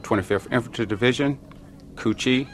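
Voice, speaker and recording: A man from Georgia, an army veteran, speaking plainly and in a measured way about his service. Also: medium pitch, a bit bright, a little hiss or hum. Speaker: Vietnam veteran, army infantryman. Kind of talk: reflective interview testimony.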